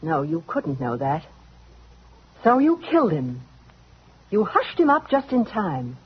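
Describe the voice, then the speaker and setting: A woman's voice: fairly low pitch, wildly swooping pitch, measured pace, slight background noise. An actress playing a jealous, spiteful rival woman in a 1940s radio drama, speaking in a mocking, sarcastic drawl. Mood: taunting. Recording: dull lo-fi vintage radio recording.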